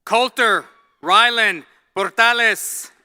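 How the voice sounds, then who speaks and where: A man with a high, bright, crisp voice reads out full names slowly and formally, one name at a time, as a ceremony announcer. His voice rings through a public address system, and a long reverb trails after each name in the large hall. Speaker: commencement announcer. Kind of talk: formal name reading over PA.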